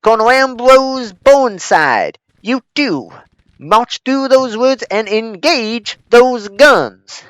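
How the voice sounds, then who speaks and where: A man's voice: extremely high pitch, animated, takes it slowly, clear, resonant tone, dry recording, pitched above the performer's own voice, full character voice. A man voicing a pompous Civil War commander who barks formal battle orders with a Southern accent. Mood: commanding. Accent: American Southern. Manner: formal, loud, declamatory. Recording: dull lo-fi mic.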